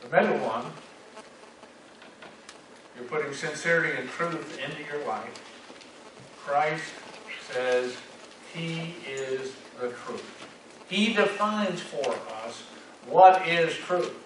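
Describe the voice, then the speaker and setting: A man preaches a sermon at a slow, measured pace, stressing key words and sometimes repeating himself. His voice is bright and slightly high. It sounds far from the mic, in a strongly echoing church hall. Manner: slow, deliberate delivery with emphatic rises and repeated words. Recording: echoey hall, speaker far from mic, faint hiss.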